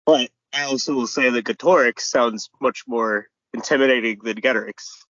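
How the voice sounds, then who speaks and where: A man co-hosting a casual podcast about a tabletop game, friendly and teasing, slightly hoarse. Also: medium pitch, steady tone, moderate pace, fairly bright tone, no room sound, highs cut off. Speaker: podcast co-host.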